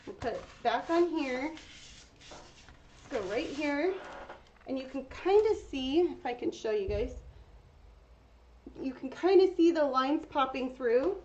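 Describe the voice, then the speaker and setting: A woman's voice: high-pitched, animated, a little slow, pauses often, dark tone. A woman hosting a casual painting tutorial, chatting to her viewers while she works. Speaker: craft tutorial host. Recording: dull lo-fi sound with faint noise.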